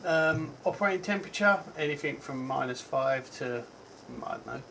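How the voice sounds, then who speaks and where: A man's voice: fairly high pitch, moderate pace, creaky, fairly bright tone, a little hiss or hum, low-quality recording. A man with a Cockney accent giving a casual, rambling product review, chatty and full of ums and self-corrections. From England. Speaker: tech reviewer.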